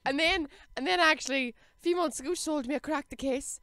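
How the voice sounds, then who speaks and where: A woman's voice: high voice, quick pace, sharp tone, no room sound, clean studio sound. A woman in her thirties with a Northern Irish accent, a comedian chatting as a podcast guest and acting out what people said. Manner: chatty, quotes people in put-on voices, laughs often. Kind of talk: casual chat.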